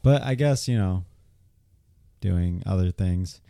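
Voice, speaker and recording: Mellow, low-voiced man co-hosting. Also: slow pace, gravelly, clean tone, no echo, studio quality. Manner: relaxed, uses fillers like "like". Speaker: podcast co-host. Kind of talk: casual movie review chat.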